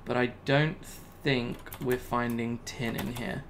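A man's voice: mid-range voice, steady tone, slow pace, fairly bright tone, slight background noise. A man giving casual Let's Play commentary, talking to himself and laughing at his own mistakes. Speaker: gaming YouTuber.

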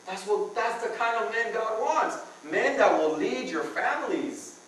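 A man preaching to a room of men in an earnest, conversational tone, hammering home phrases by repeating them. His voice sits a little high for a man. It was recorded from a distance in a very echoey church hall. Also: expressive, measured pace, fairly bright tone. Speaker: preacher at a men's conference. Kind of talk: sermon. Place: church hall with a live audience.

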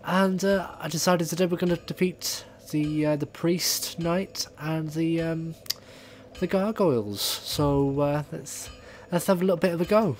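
A man hosting a casual let's-play, excitable and swearing at the game. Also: a little high, a little slow, a little hiss or hum. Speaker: gaming video host.

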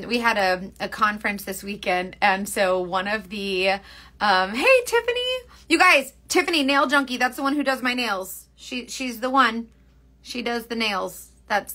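A young woman with a medium-pitched, sharp-toned voice hosts a makeup livestream where she also sells products. She rambles and giggles in a chatty way while reading out viewer comments.

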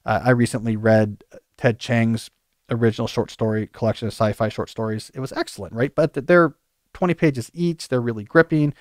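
A man hosting a podcast, giving animated advice with playful joking asides. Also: medium pitch, a little fast, dry recording, clean studio sound. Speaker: podcast host.

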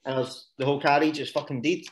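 A man's voice: on the high side, steady tone, quick pace, slight background noise. A man with a Scottish accent, telling rambling, sweary stories in casual podcast chat and breaking into laughs. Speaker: podcast co-host.

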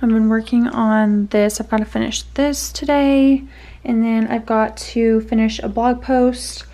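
A woman's voice: a little high, steady tone, a little slow, dark tone. A young woman vlogger talking casually through her day, chatty and saying "y'all" often. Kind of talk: casual vlog chat.

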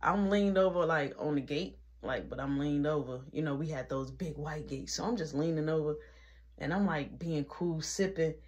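A young woman telling a casual storytime, animated, jumping between loud and quiet. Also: deep voice, moderate pace, husky.

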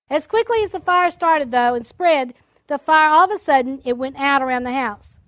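High-voiced woman preaching a testimony. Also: normal speed, dry recording. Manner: lively storytelling, acts out quoted speech; exhorting, preacherly. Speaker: prophet speaking to a church audience. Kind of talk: testimony sermon.

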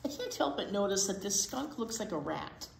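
A woman's voice: mid-range voice, sing-song, normal speed, creaky, noisy background. A woman reading a picture book to children at storytime, playful with giggly asides. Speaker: children's librarian reading to kids. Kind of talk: storytime read-aloud. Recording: echoey room.

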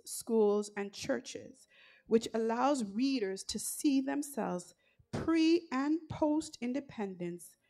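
A woman leading worship at a church service, speaking deliberately with fervent calls to praise. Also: on the high side, a little mellow. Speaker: worship leader.

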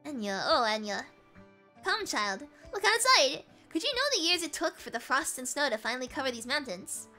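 A woman voicing a solemn old male clan elder from a video game, in a mock British accent, reading in a grave, measured way. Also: high-pitched, very animated, bright, forceful tone, soft background music, heavily acted.

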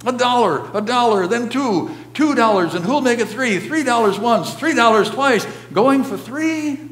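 A man's voice: extremely high pitch, animated, normal speed, a bit bright, voice pushed up. A man voicing an eager male auctioneer who calls out bids in a raised, rising voice. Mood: calling bids. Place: church sanctuary. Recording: roomy church echo, faint hum.

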